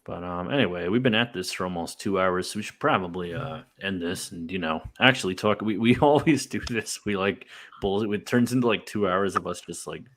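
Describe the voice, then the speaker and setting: A man's voice: low-pitched, a little fast, few pauses, fairly bright tone. A young man telling stories in a rambling way, full of fillers and laughs, as a podcast host. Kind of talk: casual chat.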